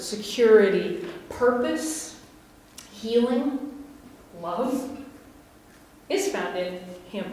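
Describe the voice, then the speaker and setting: A pastor from West Virginia delivers a sermon in a fairly high, slightly mellow voice, chatting with her congregation, laughing, and asking them questions. The mic sits at a distance in a church sanctuary, so the hall's long reverb lingers on every phrase.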